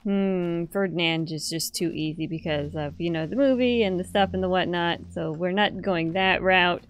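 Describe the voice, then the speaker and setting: A woman gamer giving playful let's play commentary, swearing now and then and breaking into excited squeals. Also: fairly low pitch, normal speed, slight background noise. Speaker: gamer playing a story game.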